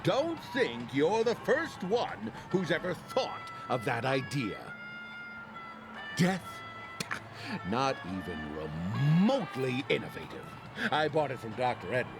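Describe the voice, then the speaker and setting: A man's voice: medium pitch, big pitch swings, slow pace, heavily acted. A grumbling grumpy old man. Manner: grumbling, lecturing. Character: grumpy old man, jaded film critic. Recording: game audio over clear music.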